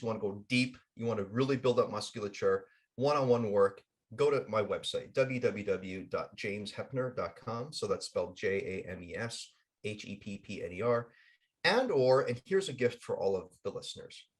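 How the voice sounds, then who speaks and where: A man who is a guest and coach on a podcast, telling a story and speaking emphatically and energetically. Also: medium pitch. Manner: emphatic, energetic, acts out voices. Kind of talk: animated storytelling and plugs.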